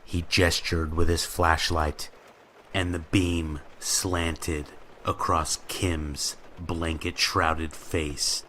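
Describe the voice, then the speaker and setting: Deep-voiced man narrating horror stories. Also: very slow, slight background noise. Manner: steady storytelling read. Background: rain ambience.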